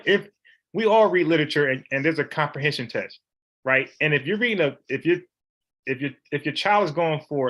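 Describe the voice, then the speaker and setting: A man's voice: a little high, bright, forceful tone. A man leading an informal Bible study, talking in an emphatic, slangy, conversational way.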